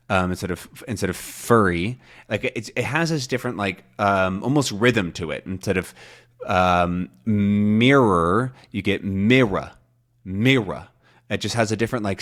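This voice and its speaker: A man hosting a podcast lesson for English learners, talking in a relaxed, loose way with many fillers and restarts. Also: fairly low pitch. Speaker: podcast host and English teacher. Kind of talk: casual spoken lesson.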